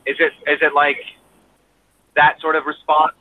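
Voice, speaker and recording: A man's voice: on the high side, completely flat delivery, moderate pace. A man hosting a casual live chat, asking long, rambling, informal questions. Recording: tinny phone line with faint noise.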